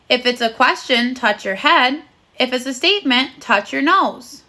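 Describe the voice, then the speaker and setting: A woman's voice: high voice, expressive, a little slow, pushed and bright. A woman teaching a recorded phonics lesson to first graders, speaking in a cheerful, sing-song voice and praising the children often.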